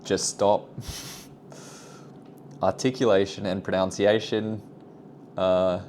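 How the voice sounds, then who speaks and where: A man's voice: deep voice, flat delivery, very slow, darkish tone, a little hiss or hum. A young man talking casually about communication skills, rambling and self-deprecating, often trailing off into asides. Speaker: vlogger. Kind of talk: casual self-improvement vlog.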